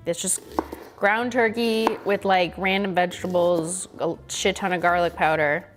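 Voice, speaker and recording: A woman's voice: lowish voice, fairly even intonation, measured pace, over music. A woman hosting a casual cooking livestream, chatty and giggly, swearing offhandedly as she chops vegetables. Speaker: livestream host.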